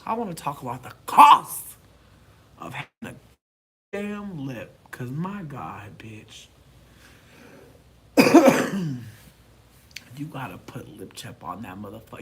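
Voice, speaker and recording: A man chatting casually to camera, animated and profane, swinging from loud outbursts to mumbled asides. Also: medium pitch, slow pace, pauses often, a little hiss or hum. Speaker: vlogger.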